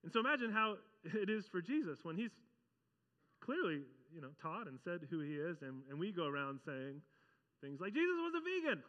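A man preaching a conversational sermon as pastor, animated and often acting out the voices he quotes. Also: fairly high pitch, normal speed, big-room sound, lo-fi sound.

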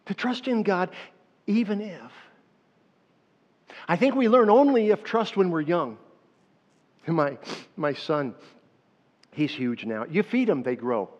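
A man in his fifties preaching a sermon, telling stories animatedly and talking directly to his congregation. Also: a little high. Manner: animated storytelling, addressing the congregation. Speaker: pastor. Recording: echoey hall, dull lo-fi sound.

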